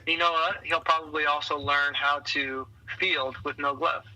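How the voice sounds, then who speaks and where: A man being interviewed on a podcast as a leadership coach, telling lively stories and acting out the voices of the people in them. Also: on the high side, moderate pace, no room sound, dull audio. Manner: energetic storyteller who acts out quoted voices. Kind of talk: conversational interview.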